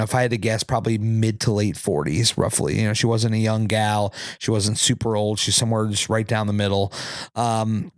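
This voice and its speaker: A man's voice: fairly low pitch, clear, resonant tone, dry recording, studio quality. A man hosting a podcast, telling a story in a rambling, conversational way with fillers and asides to listeners. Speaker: podcast host. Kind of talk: casual storytelling monologue.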